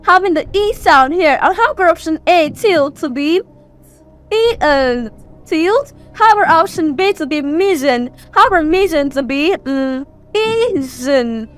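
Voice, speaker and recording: A woman's voice: very high voice, fairly bright tone. A woman with a Nigerian accent teaching an English exam prep lesson, saying each word several times as a drill.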